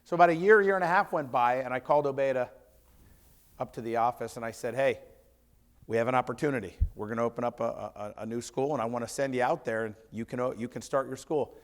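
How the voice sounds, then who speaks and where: A man's voice: medium pitch, quick pace. A man speaking at a business seminar, telling a story and acting out his conversations with staff, with many restarts. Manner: animated storyteller acting out dialogue, lots of restarts. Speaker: seminar speaker, martial arts school owner. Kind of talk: storytelling talk to a seminar audience.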